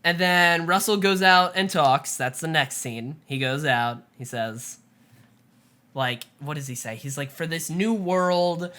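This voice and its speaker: A woman co-hosting a casual TV recap chat, retelling scenes with lively quoted asides. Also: deep voice, unhurried. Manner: chatty, animated retelling with quoted asides and laughs. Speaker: podcast co-host.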